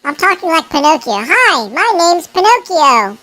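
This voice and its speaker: A squeaky, cheeky cartoon puppet boy. The voice sits very high and bright and swings around a lot. The delivery is playful and mocking. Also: sing-song, normal speed, exaggerated voice. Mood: teasing. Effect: pitch-raising voice changer.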